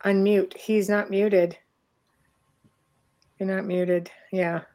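A woman's voice: mid-range voice, flat delivery, takes it slowly, dark tone. A middle-aged Canadian woman hosting a casual chat over a video call, talking freely and laughing often. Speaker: host.

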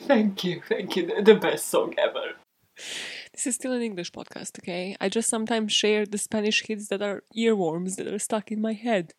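A woman's voice: medium pitch, fairly even intonation, normal speed, no echo. Female podcast host, casual and self-deprecating, loose with swearing, dry close sound. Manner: chatty, self-mocking, laughs often, swears freely. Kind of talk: casual true-crime podcast chat.

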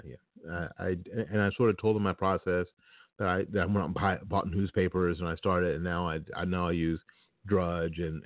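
A man's voice: deep voice, no echo, narrow, tinny audio. A man hosting his own podcast talk show, chatting casually and bluntly to his listeners. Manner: blunt and opinionated, speaks directly to listeners. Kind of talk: casual spoken monologue.

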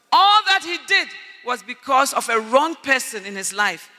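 A male preacher delivering a sermon in a large hall. His voice sits very high and rings bright and piercing. He preaches with emphasis, rising to shouts and calling for Amen, while long reverb trails each phrase. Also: very animated, moderate pace, hardly any pauses.

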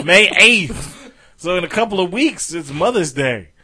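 A man's voice: high-pitched, animated, a little slow, pushed and bright. A man co-hosting a podcast, trading jokes in casual chat and laughing as he talks. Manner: laughing, mock-quizzing voice. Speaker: podcast co-host.

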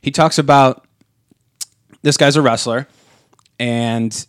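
A man talking casually on a podcast, circling back and restarting his sentences with plenty of fillers. His voice sits at an ordinary pitch for a man. The close mic gives a dry, dead sound. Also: fairly even intonation, takes it slowly, dry recording. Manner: rambling, many fillers and restarts. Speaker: podcast co-host. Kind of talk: casual chat.

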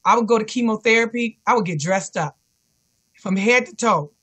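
A woman's voice: a little high, normal speed. A woman guest on a remote call telling an interviewer her personal story earnestly, often repeating encouraging self-talk. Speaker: guest, cancer survivor and fitness instructor. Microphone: remote call connection.

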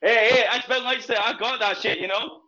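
A man with a Scottish accent chatting loudly on a live stream, laughing and swearing. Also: very high voice, fairly quick, lo-fi sound. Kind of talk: casual banter. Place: home room.

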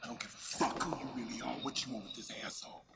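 An actor playing an enraged male police lieutenant who hisses threats in a low, gravelly voice. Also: animated, fast talker. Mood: menacing. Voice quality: gravelly, low menacing hiss. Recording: noisy film clip with hiss.

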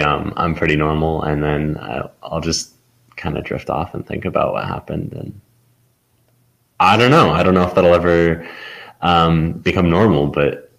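A man talking as a guest on a casual podcast, halting and trailing off with many pauses. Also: low voice, fairly bright tone, rough recording.

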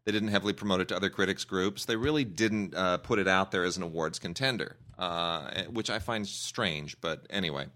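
A fairly low-pitched man with a bright, forceful tone chats about films on a review podcast. He talks in an opinionated, rambling way, often restarting his sentences. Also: fairly quick, few pauses. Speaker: film critic co-host. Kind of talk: casual podcast review chat.

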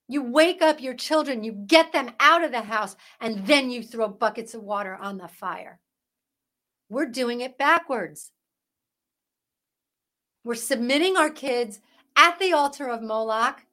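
High-voiced woman preaching emphatically. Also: bright, forceful tone. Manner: emphatic, preachy, fires rhetorical questions; parent. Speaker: podcast host. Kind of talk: impassioned Christian commentary.

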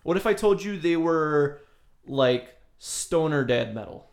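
Teasing, profane podcast quizmaster. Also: male voice, on the high side, expressive, unhurried. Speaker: podcast co-host running a band quiz. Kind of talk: casual podcast chat.

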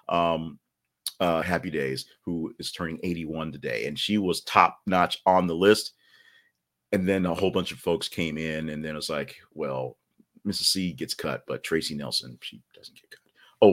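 A man's voice: deep voice, fairly bright tone. A middle-aged man hosting his own podcast, chatting in a jokey, rambling way and sometimes dropping to a whisper for asides. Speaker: podcast host. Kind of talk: casual solo show chat.

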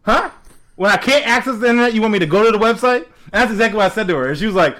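A young man tells a story in casual chat, and his voice sits a little high. He acts out both ends of a phone call with lots of animation and frequent laughter. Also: animated, very fast, bright, forceful tone.

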